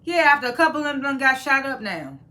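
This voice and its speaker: A woman's voice: high voice, very animated, fast talker, pushed and bright. A woman hosting her own review channel, recapping a TV episode in a casual, profane way and acting out the characters' lines as she goes.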